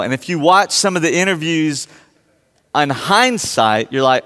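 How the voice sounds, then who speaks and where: A man with a fairly high voice tells a personal story to a live audience. He acts out his own amazed reactions as he goes, in a lively, anecdotal way. His voice carries a long reverb from a large hall. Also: a little slow, clear, resonant tone. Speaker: speaker addressing a live audience.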